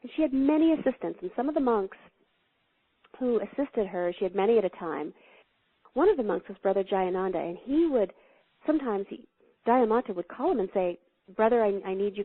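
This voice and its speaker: A woman spiritual teacher telling stories as an interview guest, animated and laughing, acting out the quotes she tells. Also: fairly high pitch, no room sound. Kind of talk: storytelling spiritual talk. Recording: thin phone-line sound, dry.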